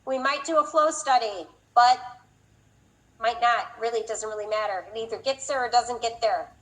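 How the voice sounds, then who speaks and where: A woman with a high voice lectures a class. She moves quickly from explanation to playful teasing of her students. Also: fairly bright tone, poor audio. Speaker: instructor.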